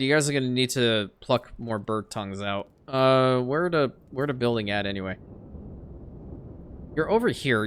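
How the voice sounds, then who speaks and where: A man giving casual let's-play commentary, talking to the game as he plays and muttering to himself, at times breaking into loud exasperated rants. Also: mid-range voice, smooth. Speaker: gameplay commentator.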